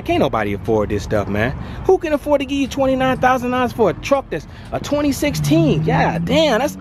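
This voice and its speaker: A man's voice: a little high, slight background noise. A man vlogging casually on an outdoor used car lot, reacting to prices with slangy exclamations, filmed on a handheld phone. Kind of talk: casual walk-around vlog.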